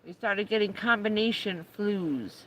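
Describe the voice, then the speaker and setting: A woman's voice: medium pitch, measured pace, a bit bright, a little hiss or hum, low-quality recording. A middle-aged woman chatting casually on a live stream, talking to her dog in a coaxing raised voice and telling stories. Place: parked vehicle on a rainy day.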